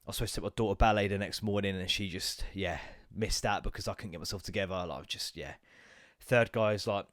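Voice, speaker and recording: A man's voice: lowish voice, brisk, a bit bright, no room sound, studio quality. A man hosting a solo podcast, rambling and swearing, sounding bunged up with a cold. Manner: rambling, sweary, jumps into goofy voices. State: congested, bunged up. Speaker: podcast host. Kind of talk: solo casual podcast rant.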